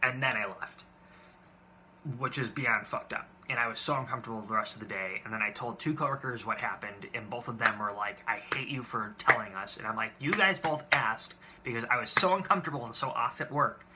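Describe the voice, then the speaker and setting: A man's voice: mid-range voice, fast, bright, forceful tone, slight background noise. A man in his twenties telling date stories to camera in a casual, exasperated and profane way, rambling with restarts. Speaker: vlogger.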